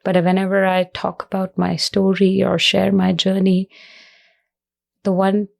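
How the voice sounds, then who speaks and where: A woman guest in an interview, speaking earnestly and reflectively in halting phrases, emotional with her voice cracking at times. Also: medium pitch, monotone, vocal fry. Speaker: guest, cancer survivor. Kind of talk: personal interview talk.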